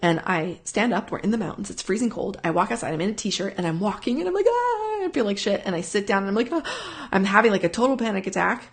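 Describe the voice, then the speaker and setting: A woman's voice: medium pitch, expressive, fast talker, hardly any pauses. A woman hosting a casual live talk, answering viewers in a rambling, earnest way that keeps circling back and repeating itself. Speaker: host answering viewer questions.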